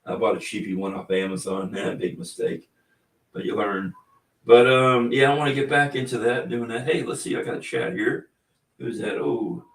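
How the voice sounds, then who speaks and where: A man's voice: medium pitch, normal speed, fairly bright tone, recorded from a distance. A man hosting a casual livestream chat, easygoing and rambling, often chuckling. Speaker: livestream host. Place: indoors, room with cabinets. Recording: echoey room, away from the mic.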